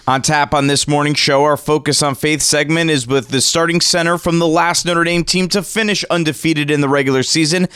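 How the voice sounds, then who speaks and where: A man hosting a sports radio show from a studio, energetic and rattling off stats and rankings. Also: on the high side, a little fast, hardly any pauses, smooth, no echo. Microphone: studio microphone.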